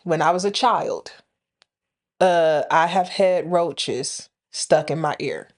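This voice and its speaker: A woman's voice: sits low, slow. A woman co-hosting a podcast, telling a story in a casual, dramatic way. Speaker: podcast co-host.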